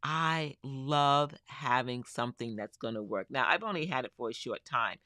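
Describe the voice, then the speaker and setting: A tech reviewer showing gear on a live stream from a kitchen table at home. The reviewer talks with enthusiasm, repeats words for emphasis and speaks into a studio microphone on a boom arm. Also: normal speed, sharp tone, no room sound. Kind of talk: live-streamed product demo.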